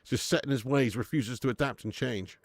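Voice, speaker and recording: A man hosting a football watch-along stream, swearing often and bantering with his chat in bursts of excitement. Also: medium pitch, fairly quick. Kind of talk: casual live-stream chat.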